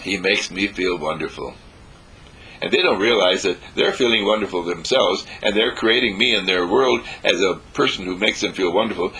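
A man with a very husky, gravelly voice delivers an inspirational talk. His pitch sits fairly low but swings widely as he gets carried away, and the tone stays bright and forceful. He talks exuberantly, stacking up repeated affirmations and breaking into laughter. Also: poor audio. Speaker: motivational speaker. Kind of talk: inspirational lecture.

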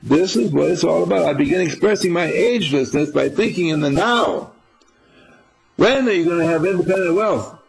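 A man's voice: on the high side, expressive, normal speed, vocal fry, soft background music, rough recording. An older man giving an informal spiritual talk to a small group, folksy and rambling, quizzing his listeners as he goes. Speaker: spiritual teacher.

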